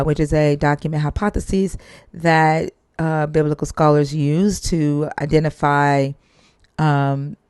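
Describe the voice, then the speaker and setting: Swearing, animated low-voiced woman. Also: clear, resonant tone, dry recording, studio quality. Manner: animated storyteller, swears freely. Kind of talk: casual chat.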